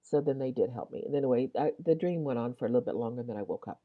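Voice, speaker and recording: A woman hosting a Christian video shares a rambling personal testimony full of restarts and asides, yawning and clearing her throat as she goes. Her voice is a rumbling low, animated and very fast, and the lo-fi recording sounds dull.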